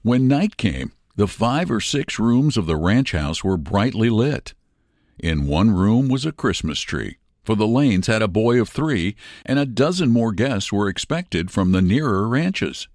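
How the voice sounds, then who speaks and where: A man reading a classic story aloud in measured, expressive narration. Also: lowish voice, dry recording, studio quality.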